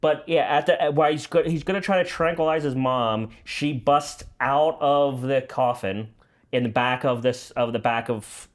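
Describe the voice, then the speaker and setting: A man's voice: mid-range voice, moderate pace. A man hosting a casual movie chat, eagerly retelling scenes and laughing often. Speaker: podcast host.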